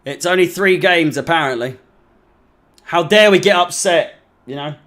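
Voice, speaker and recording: A man's voice: on the high side, normal speed, a bit bright. A young man from England hosting a live football watch-along, deflated, sweary and sarcastic. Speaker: fan channel host.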